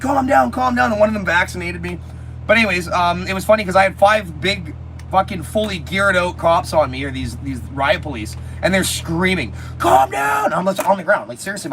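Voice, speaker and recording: A man chatting on a casual livestream from a motorhome, telling animated stories with a lot of swearing and mockery. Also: high voice, a little hiss or hum, poor audio. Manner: animated storytelling, swearing, mocking. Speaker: livestream host. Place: inside a motorhome.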